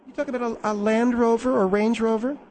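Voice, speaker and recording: A man's voice: extremely high pitch, fairly even intonation, quick pace, darkish tone, a little hiss or hum. A man voicing a prim, fussy middle-aged woman who fills in as host of a comedy call-in radio show and calls callers dear and honey.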